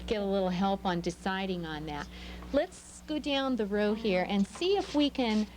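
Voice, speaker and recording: A woman teaching a small reading group, speaking patiently and prompting them with question after question. Steady background hiss runs under her voice in a classroom recording. Her pitch sits in a middle range. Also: moderate pace. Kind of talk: small-group phonics lesson.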